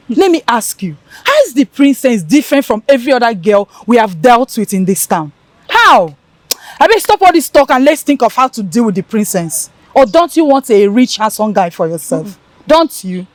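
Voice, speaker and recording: A woman's voice: fairly high pitch, very animated, normal speed, no echo. An actress playing a scheming young woman who leads the plotting, teasing and persuasive. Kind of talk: Nollywood film acting.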